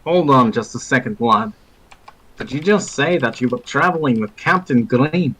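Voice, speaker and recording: A man voicing a gruff male soldier comrade with a thick accent, blunt and calling others lad, in tabletop role-play. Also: mid-range voice, animated, moderate pace, fairly bright tone, slight background noise, natural voice, rough recording.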